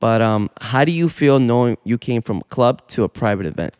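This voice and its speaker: Man, podcast host, casual studio chat, animated storyteller, dry close sound. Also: mid-range voice, fairly quick, clear, resonant tone, dry recording. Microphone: studio mic.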